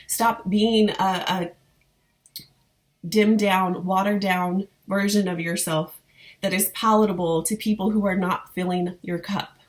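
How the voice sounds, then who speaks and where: A woman in her thirties, a spiritual business coach, talking straight to her viewers in an earnest, heartfelt and encouraging way. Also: mid-range voice. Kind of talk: motivational vlog talk to viewers.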